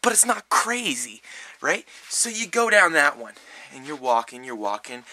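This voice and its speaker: A man's voice: on the high side, animated, moderate pace, pushed and bright. A young man vlogging, telling a rambling comic story with mouth sound effects.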